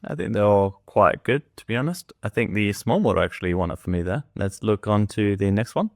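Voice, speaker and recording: A man hosting a tech video, giving relaxed, tentative verdicts in casual commentary and calling his own reading voice monotone. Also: lowish voice, a little fast, dry recording, clean studio sound.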